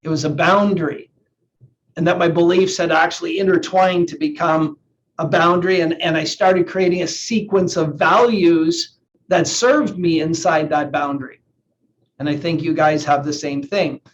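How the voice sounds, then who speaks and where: Earnest higher-voiced male coach. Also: fairly even intonation, moderate pace. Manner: earnest, repeats words while thinking. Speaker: NLP coach. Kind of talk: live online coaching session talk. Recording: slightly dull lo-fi sound with faint hiss.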